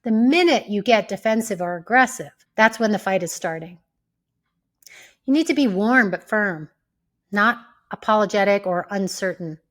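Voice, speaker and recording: A woman hosting an advice talk, speaking in a calm, measured way and acting out sample replies. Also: medium pitch. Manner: calm, measured, acts out sample lines with shifts of tone. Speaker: host.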